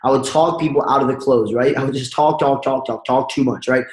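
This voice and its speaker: A man giving an energetic sales training talk and acting out phone calls as he coaches his audience. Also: mid-range voice, fairly quick, reverberant, rough recording. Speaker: network marketing trainer.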